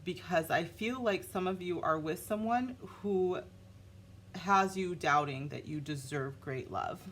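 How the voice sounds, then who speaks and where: A woman giving a casual, animated tarot reading, talking straight to her viewers. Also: lowish voice, unhurried, slight background noise. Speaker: tarot reader.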